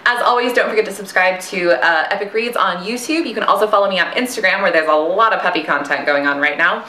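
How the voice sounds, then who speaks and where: A woman's voice: medium pitch, fast talker, bright, forceful tone, a little hiss or hum. A young woman casually recommending books, enthusiastic and chatty with fillers and asides. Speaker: author and book recommender. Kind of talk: casual book recommendation video. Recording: echoey room.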